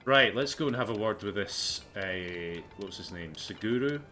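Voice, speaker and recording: A man's voice: fairly low pitch, lively intonation, moderate pace, pushed and bright, slight background noise. A man streaming a video game, chatting casually with sarcastic jokes and swearing. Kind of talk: casual gameplay commentary.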